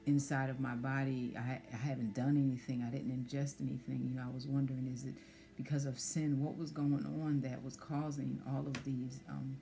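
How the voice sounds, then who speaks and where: A woman sharing a personal testimony in conversation, soft-spoken and hesitant with many fillers. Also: a bass voice, little pitch movement, a little fast, gravelly. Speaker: guest sharing pregnancy loss story.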